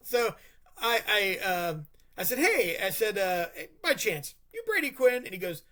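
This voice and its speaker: A man's voice: high voice, very animated, measured pace, pushed and bright. A man co-hosting a sports podcast, telling a long, rambling story in a casual way, full of restarts and stammers. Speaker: podcast co-host.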